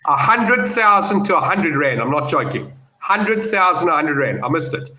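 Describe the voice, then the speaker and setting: There's a crowd in the background as a man with a fairly high voice talks at a moderate pace. As a betting pundit on a casual video-call panel, he tells stories and gives betting opinions with animated confidence. The audio is roomy, dull and lo-fi.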